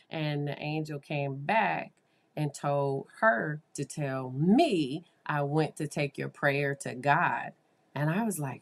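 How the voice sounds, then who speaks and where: A woman therapist telling a story to her listeners in a casual monologue, animated and confiding, with asides to them. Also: low-pitched, measured pace.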